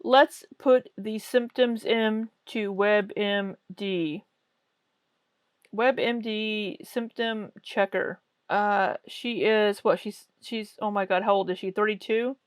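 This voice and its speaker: A woman's voice: mid-range voice, steady tone, slow, clear, resonant tone, no echo. A woman hosting a reaction commentary with a sarcastic, mocking way of talking. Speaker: commentary host.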